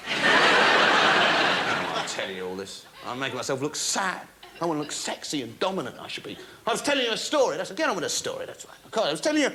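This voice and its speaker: A man doing a stand-up comedy routine, telling his story in an animated, breathless way. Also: fairly high pitch, a little fast, noisy background. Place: studio stage before a laughing audience.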